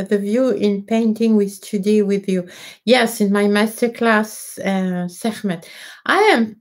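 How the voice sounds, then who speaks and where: A woman with a French accent, a native French speaker, hosting a casual live question-and-answer stream, hesitant with many fillers and restarts. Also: fairly high pitch. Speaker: livestream host answering viewer questions.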